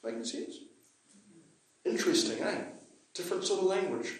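Man teaching a class, chatty and explanatory, slightly high voice, very echoey room. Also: lively intonation, normal speed. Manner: chatty, explains with asides and checks understanding. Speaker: Māori language teacher. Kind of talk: classroom language lesson.

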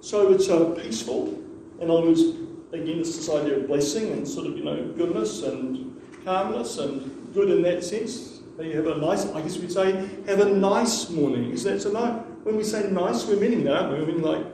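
A man's voice: high-pitched, moderate pace, hardly any pauses, mellow, a little hiss or hum. A man teaching a language class, patiently repeating words for the students to echo. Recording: echoey room, mic far off.

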